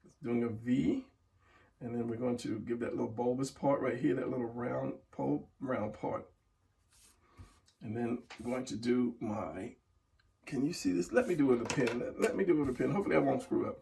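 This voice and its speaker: A man's voice: medium pitch, moderate pace, vocal fry, mellow, distant mic, a little hiss or hum. A middle-aged man teaching a casual drawing tutorial, talking while he draws and trailing off into murmurs. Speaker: drawing instructor.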